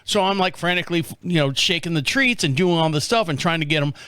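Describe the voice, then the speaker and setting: A man's voice: on the high side, fast talker, sharp tone, clean tone, no echo. A man hosting a casual radio podcast from a studio, telling rambling stories and chuckling often. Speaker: podcast host.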